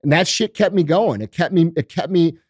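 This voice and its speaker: A podcast host with a slightly high voice, lively intonation, and a fairly quick delivery rants in casual chat with motivational conviction. He's blunt, emphatic, and heavy on swearing, captured in a dry, studio-quality recording.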